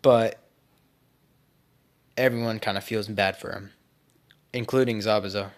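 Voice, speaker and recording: A man's voice: fairly low pitch, fairly even intonation, a little slow. A young man casually narrating a fan-made story, speculative and rambling, often correcting himself.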